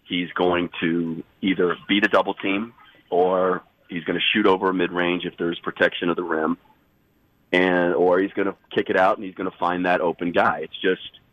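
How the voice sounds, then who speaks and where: A man's voice: low voice, little pitch movement, normal speed, no room sound, highs cut off. A man fighting a cold, talking basketball as an insider guest on sports radio, rambling and correcting himself as he goes. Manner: rambling, self-correcting, emphatic. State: fighting a cold, husky sick voice. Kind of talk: sports radio analysis by phone.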